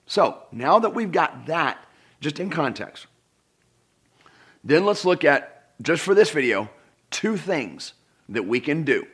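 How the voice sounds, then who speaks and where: A man's voice: fairly high pitch, very animated, slow, long pauses, fairly bright tone, slightly rough. Emphatic middle-aged man giving self-help advice. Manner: emphatic, repeats for emphasis, addresses the viewer directly. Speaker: personal development speaker. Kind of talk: direct-to-camera self-help talk.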